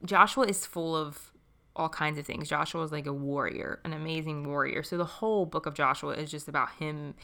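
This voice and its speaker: Young adult woman, slightly low-pitched, casual chatty devotional podcast host, laughs often. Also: steady tone, a little fast. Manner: warm, chatty, laughs often, says friend.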